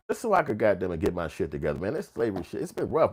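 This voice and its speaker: A man's voice: lowish voice, very animated, fast, hardly any pauses, darkish tone, slightly rough. A man hosting a commentary channel, ranting heatedly and profanely, sometimes acting out quotes in mocking voices. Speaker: channel host.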